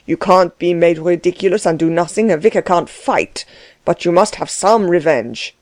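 A woman's voice: fairly low pitch, moderate pace, no echo, natural voice. A woman reading the part of a blustering, domineering middle-aged German man who mocks and orders others about. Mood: mocking. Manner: loud, bossy, laughing scorn.

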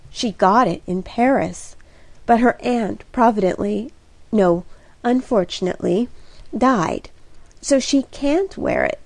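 A woman's voice: fairly high pitch, a little mellow, dry recording. A woman voicing an eager, impulsive young woman in an audiobook reading, speaking in a breathless, gushing and emphatic way.

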